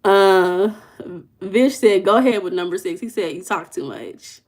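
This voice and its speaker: A woman with a Southern US accent hosting a casual livestream as a life coach. She reads viewers' comments aloud and teases them playfully, drawing words out for emphasis. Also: mid-range voice. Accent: Southern US dialect. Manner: playful, teasing, drawls and slows for emphasis.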